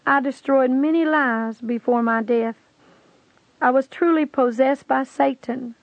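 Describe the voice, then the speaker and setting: A woman's voice: sits high, measured pace, no room sound. A woman reading as a damned woman, confessing in anguish. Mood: remorseful. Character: tormented woman in hell, pleading and remorseful. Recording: dry lo-fi tape recording.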